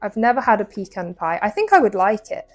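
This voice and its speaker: A young English woman talks her viewers through a bake in her home kitchen, chatty and quick to poke fun at herself. Her voice sits at an ordinary middle pitch. Soft music plays faintly behind her. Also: very animated. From England. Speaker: baking vlogger. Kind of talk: casual chat while baking.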